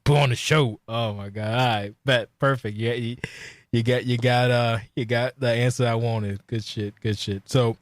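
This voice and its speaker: A man's voice: medium pitch, flat delivery, moderate pace, dry recording. A man hosting a casual podcast, joking, laughing easily and swearing loosely. His mid-range voice is recorded close and dry. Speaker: podcast host. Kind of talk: casual chat interview.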